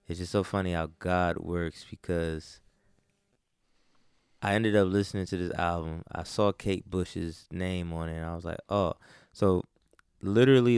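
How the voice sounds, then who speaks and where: Low gravelly man, slangy and rambling. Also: dry recording, clean studio sound. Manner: rambling, filler-heavy slang ("like", "bro", "man"). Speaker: co-host, saxophone player. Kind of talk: casual chat.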